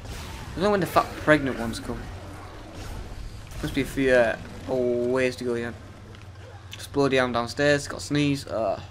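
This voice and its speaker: A man's voice: medium pitch, normal speed, pauses often, a little hiss or hum. A young man giving profane, sarcastic, self-mocking commentary while playing a video game. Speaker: let's play gamer. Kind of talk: gameplay commentary.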